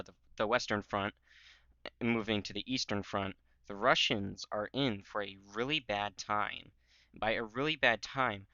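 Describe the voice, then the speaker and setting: A man's voice: lowish voice, bright, forceful tone, clear, resonant tone, dry recording, muffled recording. A man talking casually over a history map, rambling with many "um"s and "like"s and goofy jokes. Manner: rambling, filler-heavy, joking. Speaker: history channel host.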